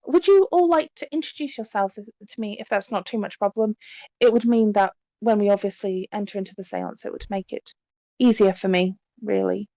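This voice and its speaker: A woman voicing a demure young spirit medium who is polite and a little unsettling, speaking softly and courteously with small hesitations. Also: medium pitch, fairly quick, dry recording, highs cut off, lightly acted. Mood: gracious.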